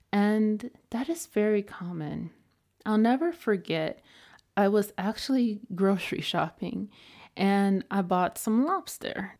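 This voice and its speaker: A woman's voice: mid-range voice, mellow. A woman hosting a podcast, talking through a motivational monologue in a chatty storytelling way with lots of fillers. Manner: chatty, self-help storytelling with many fillers. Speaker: podcast host.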